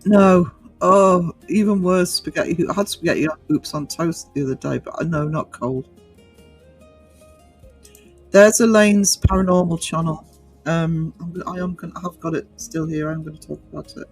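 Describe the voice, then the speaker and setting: A man hosting a relaxed livestream, reading out comments. He talks in a fairly high voice, stopping and restarting often with plenty of ums. Faint music plays under him. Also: normal speed, breathy edge, rough recording. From North East England. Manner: hesitant, many fillers and restarts. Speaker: livestream host. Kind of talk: casual chat reading viewer comments.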